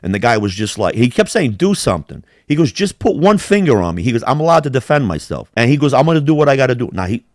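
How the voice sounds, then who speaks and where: Male co-host, mid-pitched, rambles and swears through his stories, dry close sound. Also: sing-song, fast, hardly any pauses, no echo. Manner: rambling, profane storytelling with quoted voices. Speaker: podcast co-host. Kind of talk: casual chat.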